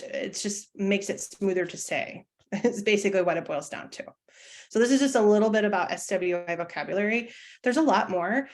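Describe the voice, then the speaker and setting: A woman teacher presenting an online webinar in a chatty, self-deprecating way, with many fillers and restarts. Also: fairly low pitch.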